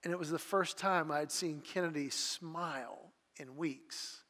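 A pastor preaching a sermon in an earnest, heartfelt manner that builds in intensity. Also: male voice, on the high side, measured pace, sharp tone, in a large hall. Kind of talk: sermon with personal storytelling.

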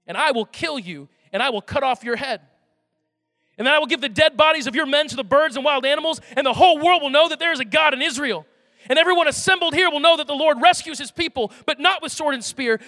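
A man voicing a bold young shepherd warrior who loudly declaims his defiance. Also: very high-pitched, studio quality, full character voice. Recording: reverberant hall, faint music.

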